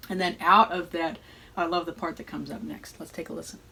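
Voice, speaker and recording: A woman's voice: on the low side, steady tone, a little fast, gravelly, poor audio. A woman hosting an informal music analysis lesson, reflective and thinking aloud, often checking in with "right?". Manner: reflective, explains with frequent "right?" and hesitations. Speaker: music educator and host. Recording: voice over loud playing music. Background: loud choral and organ music playing underneath.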